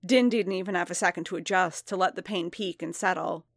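A woman reading a story aloud in a steady, even narration. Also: on the low side, fairly quick, dry recording, studio quality. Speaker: reader. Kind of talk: audiobook-style story reading.

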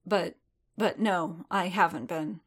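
Reserved warrior guy, halting and earnest, lowish voice, woman reading. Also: slightly rough. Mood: hesitant.

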